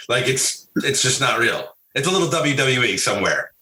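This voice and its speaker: A male podcast co-host jokes and swears freely, his bright voice swinging widely in pitch. The sound carries a noticeable room echo. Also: very animated, moderate pace. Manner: profane, jokey, acts out voices. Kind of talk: casual podcast chat. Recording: echoey room.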